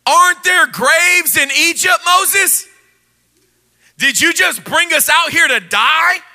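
An outraged Israelite in the desert shouts his complaints in a high, piercing voice, as a preacher acts him out mid-sermon. He is indignant and accusing, voice pushed up and loud. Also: slow, creaky, in a large hall, full character voice. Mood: indignant shouting. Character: panicked, complaining Israelite crowd members, man.

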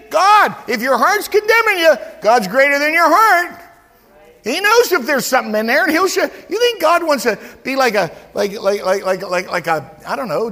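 Male pastor, high bright voice, lively sermon delivery, long hall reverb. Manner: animated, stammering restarts, acts out quotes. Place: church.

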